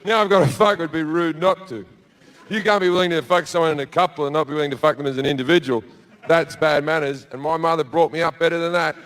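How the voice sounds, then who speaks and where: A man's voice: fairly high pitch, fairly even intonation, fast talker, fairly bright tone. A man doing stand-up storytelling in a large theatre, brash and profane, slipping into acted-out voices. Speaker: stand-up comedian. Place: large theatre with a live audience.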